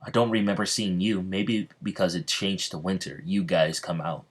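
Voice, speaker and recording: A man's voice: sits low, steady tone, normal speed, slightly rough. A man voicing a panicky young male anime hero who fires off frantic questions. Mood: alarmed.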